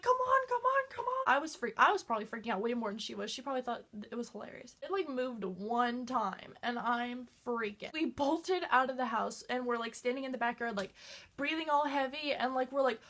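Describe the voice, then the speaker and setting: A woman with a high voice telling a story to her viewers in a loose, casual way. She is excitable and scattered, dropping "like" everywhere as she talks. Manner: excitable, fills talk with "like". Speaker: vlogger.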